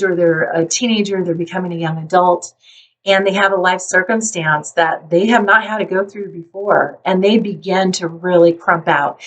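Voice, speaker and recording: A woman speaks as a psychologist in a calm, explanatory way, at a middle pitch. Now and then she briefly acts out an anxious parent. Her voice sounds a little far from the microphone. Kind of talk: talking to camera about parenting.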